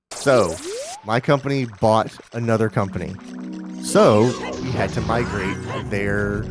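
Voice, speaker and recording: A man hosting a live stream, chatting casually and telling rambling stories with quoted asides. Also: medium pitch. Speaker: stream host. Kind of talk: casual chat while gaming. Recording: game music behind voice. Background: game music.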